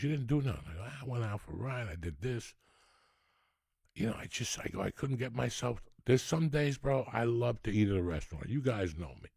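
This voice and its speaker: A man's voice: fairly low pitch, creaky, slightly rough, dry recording, clean studio sound. A man, telling rambling, profane comic stories as a podcast host. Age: 60s. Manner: profane, rambling, animated storyteller. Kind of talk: storytelling comedy rant.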